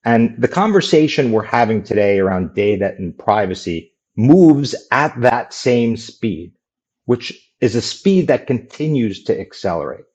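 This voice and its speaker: A man speaking as a guest on an interview podcast, answering in a measured, businesslike way. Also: mid-range voice, lively intonation, a little mellow, lo-fi sound.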